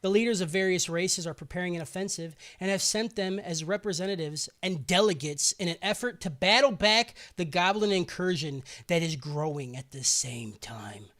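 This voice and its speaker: A man's voice: high voice, moderate pace, few pauses, a bit bright. A man co-hosting a podcast, recapping an anime in a casual, profane, sarcastic way. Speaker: podcast co-host recapping episodes.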